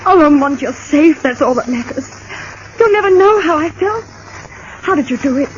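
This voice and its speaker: A gushing devoted companion. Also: female voice, high voice, lively intonation, moderate pace. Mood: relieved. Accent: Australian. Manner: breathless, gushing. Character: devoted young woman companion, emotional. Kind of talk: 1940s radio acting. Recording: dull old radio transcription with faint hiss.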